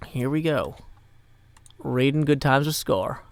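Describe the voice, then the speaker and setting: A man's voice: mid-range voice, clean tone, dry recording. A man from Nashville, Tennessee, hosting a casual live game stream, playful with rhyming asides, tired after a long day. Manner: playful, rhyming asides and quick number-talk.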